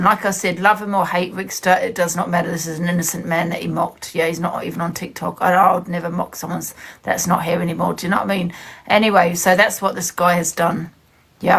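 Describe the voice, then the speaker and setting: A woman's voice: on the low side, vocal fry, a bit bright, breathy edge. A woman giving blunt, emphatic commentary on a live stream, talking straight to her viewers. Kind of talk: casual ranting commentary.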